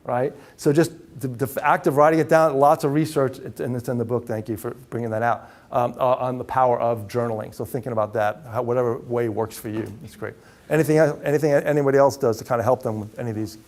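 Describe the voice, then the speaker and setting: A man giving a live leadership talk to a room, energetic and asking the audience questions. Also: medium pitch, fast talker. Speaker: keynote speaker.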